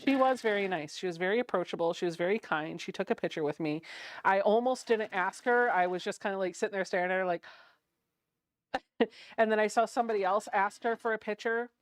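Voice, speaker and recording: A woman's voice: mid-range voice, brisk. Giggly chatty woman livestreaming. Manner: giggly, chatty, reads comments aloud. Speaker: livestream host. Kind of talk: chatty livestream while sewing. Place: home sewing room.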